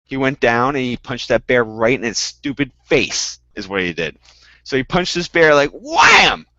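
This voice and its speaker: Animated man telling stories on a call. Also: medium pitch, moderate pace, no room sound, lo-fi sound. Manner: animated storyteller, swings up loud for punchlines. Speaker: guest panelist. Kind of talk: casual podcast chat.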